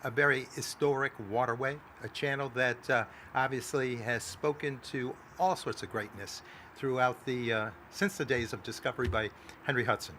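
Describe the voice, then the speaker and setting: Brief: male lawmaker, bright voice, halting podium speech, faint background noise. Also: mid-range voice. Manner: halting, many "uh" fillers. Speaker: congressman. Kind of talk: speech at a press event.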